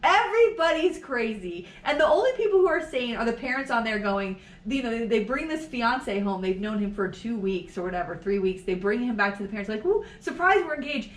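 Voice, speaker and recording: A middle-aged woman co-hosting a podcast in casual chat, animated, swearing freely and laughing often. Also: mid-range voice, a little fast, hardly any pauses. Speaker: podcast co-host. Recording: echoey room, distant from mic.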